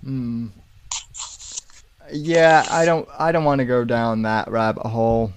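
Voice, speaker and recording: A man hosting a casual podcast over an online call, speaking slowly and deliberately with pauses and fillers. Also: mid-range voice, fairly even intonation, a little hiss or hum. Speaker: podcast host.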